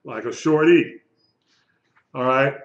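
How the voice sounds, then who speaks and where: Man, Hebrew teacher, slow and patient, echoey room, dull lo-fi sound. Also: mid-range voice. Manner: slow, patient, repeats words for students. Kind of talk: live classroom lesson.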